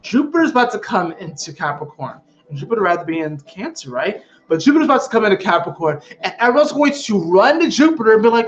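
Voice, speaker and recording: High-voiced, swearing male astrology vlogger. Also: brisk, hardly any pauses, lo-fi sound. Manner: animated, emphatic, frequently profane. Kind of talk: casual spiritual chat to viewers.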